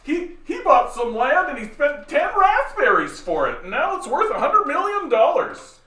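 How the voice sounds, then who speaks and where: A man's voice: extremely high pitch, wildly swooping pitch, normal speed, pushed and bright, roomy sound, distant mic, voice pushed up, exaggerated voice. A man putting on the voice of a smug older man who brags about his father's cheap land, in a whiny, mocking tone.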